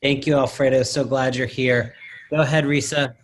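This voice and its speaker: A man's voice: mid-range voice, steady tone, normal speed. A man hosting a support meeting over a video call, briefly welcoming and introducing speakers. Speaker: meeting host.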